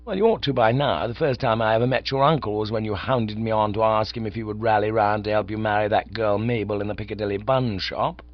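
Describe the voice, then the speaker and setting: A man's voice: fairly low pitch, quick pace, few pauses, natural voice. A man voicing a breezy, easily flustered young upper-class idler who sounds exasperated, in a dull, dry recording.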